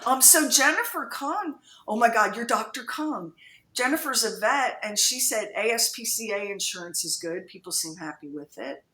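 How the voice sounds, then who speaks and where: A woman's voice: on the high side, expressive, moderate pace, pushed and bright, reverberant, slight background noise. A woman co-hosting a radio show, joking in a casual chat as she reads listener comments aloud. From United States. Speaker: radio co-host.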